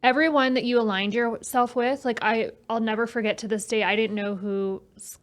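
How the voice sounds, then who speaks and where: Female podcast co-host, clear smooth voice, casual chatty tone. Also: a little high, steady tone, moderate pace. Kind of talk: casual chat.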